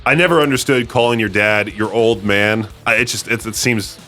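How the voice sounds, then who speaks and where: A male radio co-host in a studio with a bright, forceful voice. He banters casually and throws in teasing jokes. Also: lowish voice, moderate pace, soft background music. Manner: joking, teasing.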